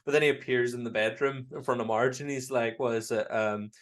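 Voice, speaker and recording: A Northern Irish man co-hosting a casual podcast chat, his voice sitting at an ordinary middle pitch. He retells scenes animatedly, slips into quick character voices and laughs a lot along the way. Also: fairly even intonation. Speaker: podcast co-host.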